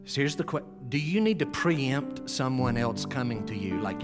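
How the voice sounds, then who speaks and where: A man preaching a sermon as pastor, earnest and pleading. He climbs to urgent exhortation, then sinks to a hushed, quiet tone as he calls for bowed heads. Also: mid-range voice, lively intonation, normal speed, few pauses, loud music behind the voice.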